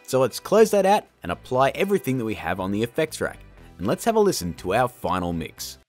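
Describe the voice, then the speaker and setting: Lively, chatty man hosting a tutorial. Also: medium pitch, brisk, soft background music. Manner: chatty and upbeat, with jokey asides. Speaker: video tutorial host. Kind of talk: casual editing tutorial.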